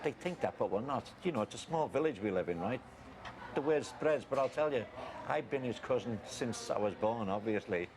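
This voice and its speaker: An actor playing a blustery, defensive middle-aged farmer with a Scouse accent, in found-footage style. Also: male voice, medium pitch, lively intonation, normal speed, lightly acted. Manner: blustery, defensive, calls people mate. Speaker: farmer guarding his cousin. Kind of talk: found-footage film acting. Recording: noisy handheld camera audio.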